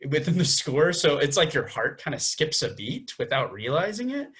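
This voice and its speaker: A man's voice: on the high side, very animated, moderate pace, a bit bright, slightly rough. A young man co-hosting a podcast, explaining music theory step by step and counting beats aloud. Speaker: podcast co-host.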